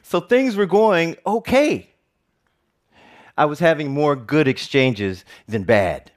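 A man's voice: fairly high pitch, expressive, slow pace. A middle-aged man giving an earnest personal storytelling talk, with joking asides.

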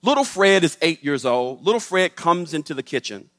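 A man giving a public talk, telling a story with emphatic, animated delivery. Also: on the high side, normal speed. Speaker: speaker. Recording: echoey hall.

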